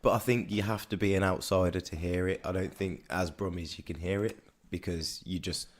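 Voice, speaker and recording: A man's voice: sits low, fairly even intonation, fairly quick. A man with a Birmingham accent co-hosting a casual podcast chat, rambling and repeating words as he thinks. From Birmingham, England. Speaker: podcast co-host.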